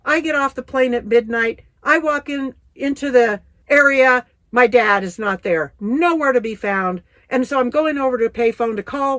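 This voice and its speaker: A woman's voice: fairly high pitch, normal speed, few pauses, a bit bright, dry recording. A middle-aged woman from the United States telling her personal testimony in a vivid, folksy, blunt way. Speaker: Christian testimony speaker.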